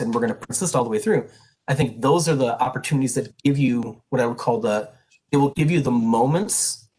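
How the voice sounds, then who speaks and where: A man's voice: mid-range voice, breathy edge, rough recording. A middle-aged man advising prospective pre-health students, talking in an earnest, emphatic and direct way. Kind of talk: info session talk to prospective students.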